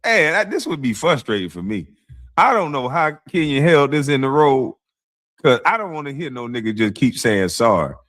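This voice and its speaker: A man's voice: medium pitch, normal speed. A man hosting a casual livestream, reacting to a clip with mocking, blunt commentary and frequent laughter. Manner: mocking, animated, laughs often, blunt slang. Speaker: streamer, show host.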